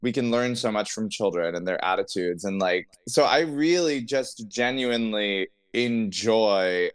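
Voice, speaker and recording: A man's voice: fairly low pitch, lively intonation, a little slow, smooth, no echo. A man who is a drag performer, a guest on a podcast, talking earnestly in a rambling way with many restarts. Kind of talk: casual interview chat.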